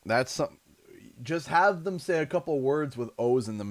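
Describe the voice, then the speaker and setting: A man's voice: medium pitch, animated, normal speed. A Canadian man hosting a livestream, chatting in a rambling, effusive way and thanking viewers over and over. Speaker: livestream host. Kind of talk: casual livestream chat.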